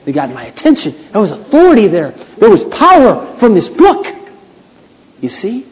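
A man pastor preaching a sermon, emphatic and repeating phrases, building to loud preaching. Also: high voice, huge pitch swings, moderate pace. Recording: long hall reverb.

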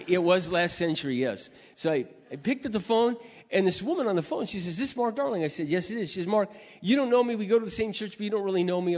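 An older man preacher telling a personal story in a sermon, acting out his prayers and phone calls with lively emotion. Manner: animated storyteller, acting out his own prayers with rising pitch. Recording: dull reverberant hall sound.

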